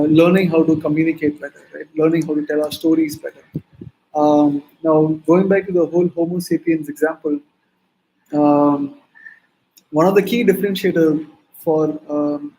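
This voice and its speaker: A man with an Indian English accent speaks to a conference audience about building a startup. His voice sits fairly high but sounds dark and mellow. He keeps checking in with a quick "right?" between points. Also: rough recording. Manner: conversational, peppered with "right?" and "um". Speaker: startup founder giving a talk. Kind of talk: conference talk.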